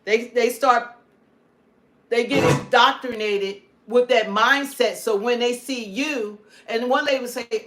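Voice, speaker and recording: Lady ranting on her livestream, kinda high voice, hammers the same point over and over. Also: unhurried, fairly bright tone. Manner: emphatic, repetitive, preachy. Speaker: livestream host. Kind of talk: political commentary livestream.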